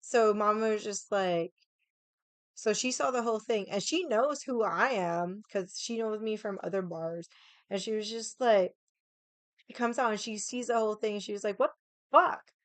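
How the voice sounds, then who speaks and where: A woman's voice: mid-range voice, moderate pace, dry recording. A young adult woman streamer chatting casually with her viewers, rambling and swearing often. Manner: rambling, swears a lot, many likes.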